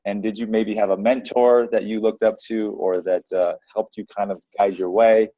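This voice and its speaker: A man hosting a podcast interview who affirms his guest warmly and speaks directly to his listeners. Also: lowish voice, level tone, normal speed, no room sound, lo-fi sound. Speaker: podcast host.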